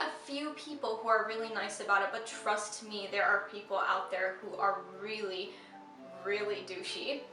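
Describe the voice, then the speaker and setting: A young woman hosts a casual teaching vlog in a chatty, reassuring way. Her voice is bright and a little high. She sits a bit back from the mic in an echoey room, with faint music behind her. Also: recorded from a distance. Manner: chatty and reassuring, sing-song when reciting verse. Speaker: vlog host.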